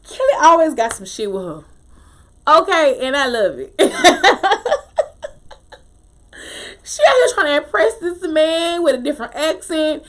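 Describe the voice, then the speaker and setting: A woman casually recapping a TV episode, opinionated and animated, with slangy talk and frequent laughter. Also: high-pitched, a little slow, long pauses. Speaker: TV show recap host.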